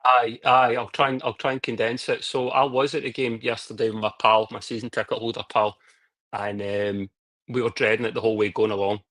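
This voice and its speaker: A man's voice: mid-range voice, flat delivery, fairly quick, a bit bright, no room sound. A Scottish man with a Scottish accent, co-hosting a football podcast in a blunt, joking way with Scots slang. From Scotland. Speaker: podcast co-host. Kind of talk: casual football podcast chat.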